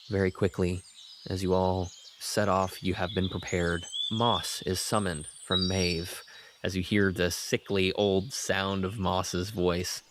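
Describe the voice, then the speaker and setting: A man with a very deep voice runs a tabletop game as its game master. He narrates the journey in a steady, descriptive way. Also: no echo.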